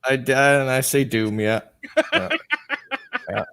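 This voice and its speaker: A man's voice: mid-range voice, fairly even intonation, slow, gravelly, fairly bright tone, clear, resonant tone. A man co-hosting a casual livestream chat, often restarting his sentences and laughing. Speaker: co-host.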